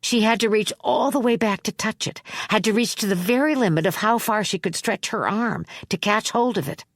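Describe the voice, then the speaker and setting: In a measured, expressive reading, a woman narrates an audiobook from a script. Her pitch is medium, and the studio-quality recording has no echo.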